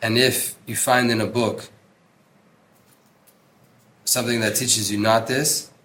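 A man's voice: mid-range voice, flat delivery, takes it slowly, bright, forceful tone. Earnest man teaching a religious text. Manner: earnest, emphatic, repeats words for stress; mixes in Hebrew terms. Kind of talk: Torah class reading and translating a text.

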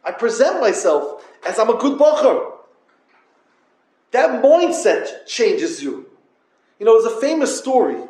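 A man's voice: very high voice, sing-song, a little slow, pauses often, a little mellow. A man giving a Torah talk to yeshiva students in yeshivish English, speaking straight to them and telling a story. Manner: storytelling, addresses listeners directly; Yiddish-inflected yeshivish English. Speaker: yeshiva lecturer. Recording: echoey room.

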